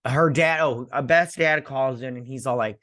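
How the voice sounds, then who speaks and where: A TV show reviewer casually recaps an episode, rambling with lots of fillers and restarts and animatedly acting out characters' lines. His voice is medium-pitched at normal speed, with clean studio sound and no room sound.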